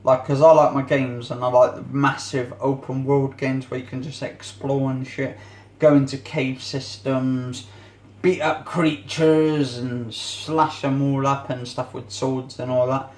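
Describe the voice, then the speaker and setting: A man's voice: mid-range voice, level tone, measured pace, darkish tone, reverberant. A man vlogging in a casual, rambling way while he cleans his home kitchen, often searching for words.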